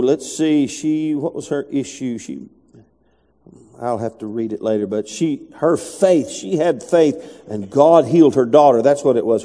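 Guy preaching in a church, warm highish voice, long echoey hall reverb. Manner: conversational preaching, reads scripture aloud, rises to emphatic calls. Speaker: pastor. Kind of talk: sermon.

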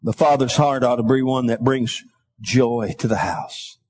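A man's voice: medium pitch, fairly even intonation, a little slow, a little mellow, poor audio. A middle-aged man preaching a sermon, reading scripture aloud and calling on the congregation, his voice lifting into a sing-song lilt when stirred. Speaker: pastor.

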